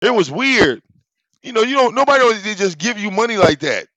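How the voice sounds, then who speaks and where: A man tells a story in a casual, animated way. He swears freely and keeps restarting his phrases. His voice sits a little high, and the sound is dry and close. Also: fairly quick, dry recording. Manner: animated, profane, repeats words and restarts. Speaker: channel host.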